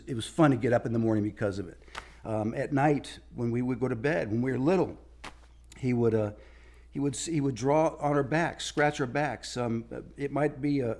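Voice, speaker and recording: A man speaking in a documentary interview about his late father, pausing and restarting often as he remembers. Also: medium pitch, darkish tone. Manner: halting, many restarts and fillers. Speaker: son recalling his father.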